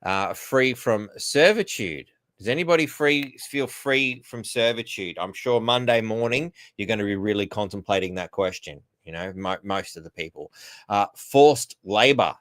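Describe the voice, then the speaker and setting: A man hosts a loose video call chat in a blunt, sardonic way and swears without restraint. His voice sits at a middling pitch and sounds dry and close, with no room around it. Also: lively intonation, normal speed, a bit bright, no room sound. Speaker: host.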